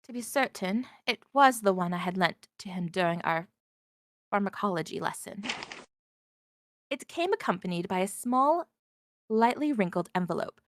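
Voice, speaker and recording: Lively woman narrating a visual novel. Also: medium pitch, normal speed, no echo. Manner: lively, wondering first-person narration. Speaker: narrator and heroine.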